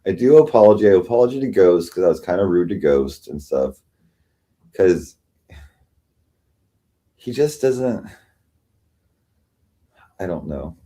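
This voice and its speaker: A man with a very low voice rambles through a casual livestream chat, tired and swearing freely. He halts, repeats himself and restarts often as he talks. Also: lively intonation, mellow. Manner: rambling, halting, many restarts and profanity. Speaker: livestream host.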